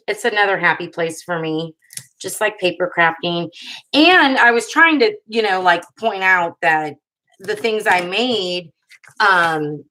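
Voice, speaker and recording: Woman, thirties, bright voice, chatty, rambling, laughs often, live craft stream host. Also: mid-range voice, poor audio. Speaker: paper craft video host. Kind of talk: casual chat during a live crafting stream.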